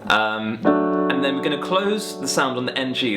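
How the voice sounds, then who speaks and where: A young man teaching a singing warm-up lesson in a relaxed, friendly, chatty way, talking through stretches and vocal exercises. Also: medium pitch, normal speed, over loud music. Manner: relaxed, friendly and chatty, demonstrating hums and sung syllables. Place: home music room with guitars on the walls.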